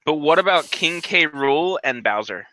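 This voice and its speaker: A man's voice: fairly high pitch, lively intonation, normal speed, bright, forceful tone, a little hiss or hum. A man co-hosting a casual podcast, teasing his friends in a playful way. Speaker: podcast co-host. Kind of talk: casual group chat.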